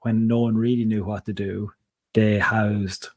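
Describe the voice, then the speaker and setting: A man's voice: fairly low pitch, little pitch movement, unhurried, darkish tone, no echo, lo-fi sound. A man co-hosting a podcast in casual chat, rambling and digressive, often breaking off mid-sentence. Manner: rambling, digressive, self-interrupting. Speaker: podcast co-host.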